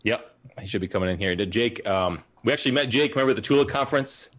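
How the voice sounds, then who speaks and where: A man's voice: on the low side, fast talker, a bit bright. A man co-hosting a podcast, telling stories in a rambling, chatty way. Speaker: podcast co-host. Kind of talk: casual podcast chat.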